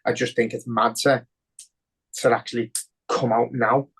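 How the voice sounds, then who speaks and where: A man's voice: mid-range voice, level tone, normal speed, gravelly, a bit bright, breathy edge. Sweary Scouse man ranting. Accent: Liverpool. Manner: heavy swearing, emotional and ranting. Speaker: podcast co-host. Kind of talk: casual podcast chat.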